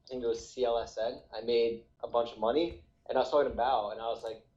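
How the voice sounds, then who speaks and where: A man's voice: medium pitch, steady tone, fast talker, a little mellow, muffled recording. A young man from New Jersey chatting casually about trading, laid-back and swearing, leaning on "dude" as he tells stories with energy. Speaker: trader. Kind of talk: casual chat.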